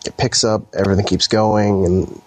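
A man co-hosting a podcast in casual chat, rambling with lots of fillers and quick laughs. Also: lowish voice, flat delivery, a little mellow. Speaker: podcast co-host.

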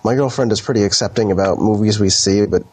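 A man's voice: lowish voice, fast, breathy edge. A young man co-hosting a podcast, talking casually and rambling with restarts and sighs. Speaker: podcast co-host. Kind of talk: casual chat.

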